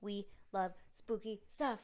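A woman in her thirties hosting a podcast with her young daughter, talking in a chatty, excitable way full of rambling asides. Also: medium pitch, slow. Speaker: podcast host and mother. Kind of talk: casual chat reading to kids.

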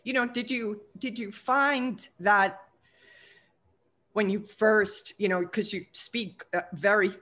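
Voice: mid-range voice, fairly even intonation, takes it slowly, bright, forceful tone. An interview host who asks long questions hesitantly, repeating words as the questions take shape.

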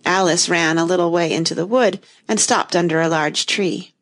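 A woman reading a children's storybook aloud in an expressive, lively way. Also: lowish voice, moderate pace. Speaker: narrator.

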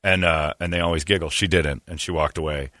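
A man's voice: very deep voice, fairly even intonation, brisk, bright, forceful tone, dry recording, clean studio sound. A man hosting a radio show, telling self-deprecating stories and acting out the people he quotes. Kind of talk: casual storytelling on morning radio.

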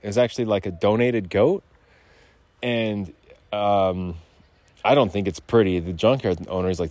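A man's voice: lowish voice, lively intonation, moderate pace, a little mellow, dry recording. A man hosting a podcast outdoors, rambling in loose, profane, digressive casual chat. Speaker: podcast host. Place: outdoors on a rural lot.

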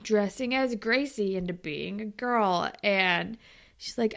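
A young woman in casual chat, recapping a TV episode with a friend, animated and swearing freely, acting out what the characters say. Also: medium pitch, slow pace, vocal fry. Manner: animated, acts out quotes with big swings, swears freely. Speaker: podcast co-host recapping a TV episode.

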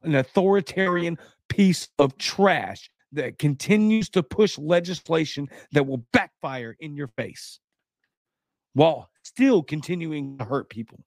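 A man's voice: lively intonation, unhurried, dry recording. Man ranting heatedly on his show. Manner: heated and sarcastic, pitch jumping high when outraged; blunt, insulting. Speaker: host of a political commentary show. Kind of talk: ranting commentary.

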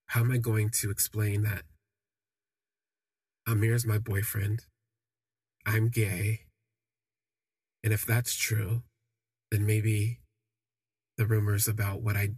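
A young man telling a personal story on a podcast, reflective and halting with frequent restarts. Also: fairly low pitch, husky, no room sound.

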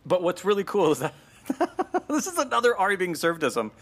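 A male podcast co-host in casual chat, talking in an animated, chatty way with plenty of fillers and restarts. His voice sits a bit high and swoops up and down. It has a lively, expressive rise and fall. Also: brisk. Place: at home with a dog nearby.

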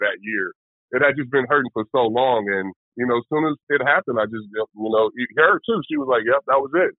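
A retired pitcher in his forties, a man talking candidly and loosely in a casual interview, with lots of fillers. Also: dry recording. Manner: relaxed, candid, rambling with fillers. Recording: tinny phone-like line.

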